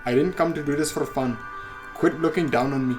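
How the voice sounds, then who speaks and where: A man's voice: a little high, fairly quick, faint music behind, close to an everyday voice. A man voicing a guarded, indignant young woman heir in his own plain voice. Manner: firm and indignant.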